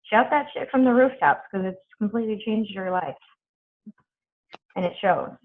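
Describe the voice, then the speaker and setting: A woman's voice: mid-range voice, expressive, normal speed. Blunt, chatty woman on a tinny call. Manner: chatty and blunt, swears freely. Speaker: team coach leading a group call. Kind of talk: casual coaching talk on a video call. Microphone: video call. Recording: tinny phone-like video call audio.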